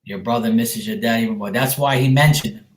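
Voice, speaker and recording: A man's voice: mid-range voice, fairly quick. A man, working as a medium and giving a casual, reassuring reading to a viewer, often calling her sweetheart. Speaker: psychic medium. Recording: echoey room.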